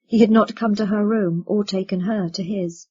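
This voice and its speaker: A woman narrating a novel as an audiobook, reading in a measured, expressive way. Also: mid-range voice, husky. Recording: dull lo-fi recording.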